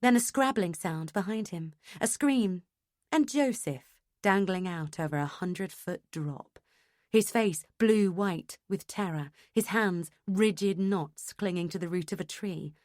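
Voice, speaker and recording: A woman reading a first-person audiobook in an expressive, emotionally engaged way. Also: lowish voice, unhurried, no room sound, studio quality. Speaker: audiobook narrator.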